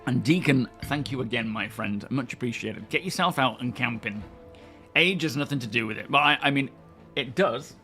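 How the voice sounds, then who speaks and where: A man's voice: mid-range voice, normal speed, sharp tone, soft background music. A man, casually chatting with live-stream viewers and greeting them by name. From England. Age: 30s. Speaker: game streamer reading live chat.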